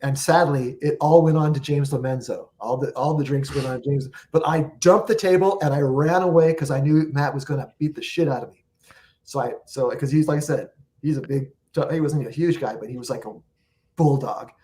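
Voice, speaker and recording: A guest musician on an interview show tells long, rambling anecdotes, acting out what people said. His voice is on the high side, fairly quick, and mellow.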